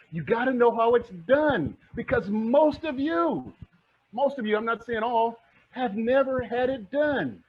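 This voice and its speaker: Fiery husky-voiced man selling real estate. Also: high-pitched. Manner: fiery, passionate, repeats lines for emphasis. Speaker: real estate investor giving a presentation. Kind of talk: energetic motivational talk. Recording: dull lo-fi recording.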